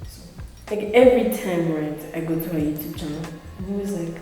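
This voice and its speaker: A chatty eighteen-year-old woman recounts her experiences as an interview guest, peppering her speech with "like" and "right". Her voice sits at an average pitch and is picked up from some distance, in a room with strong echo and a long reverb tail. Faint music plays beneath her. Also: moderate pace. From Africa. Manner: chatty, filler-heavy, frequent "like" and "right", laughing asides. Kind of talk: casual storytelling.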